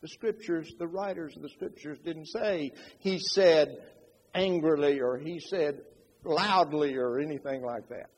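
A man preaching a sermon in an animated way, acting out quotes with changing loudness. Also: high-pitched, breathy edge, in a large hall, rough recording.

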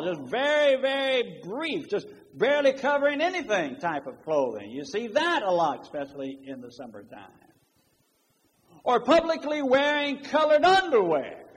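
Emphatic high-voiced preacher in a hall. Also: male voice, breathy edge. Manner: emphatic, quotes scripture in old-fashioned wording. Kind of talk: sermon. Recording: long reverb of a large hall.

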